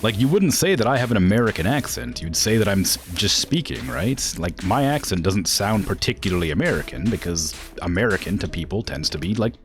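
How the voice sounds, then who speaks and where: A man's voice: lowish voice, sing-song, a little fast, few pauses, soft background music. A man with a northwestern US accent, chatting casually as a game streamer, rambling with many fillers and laughing asides. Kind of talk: casual stream chat while gaming.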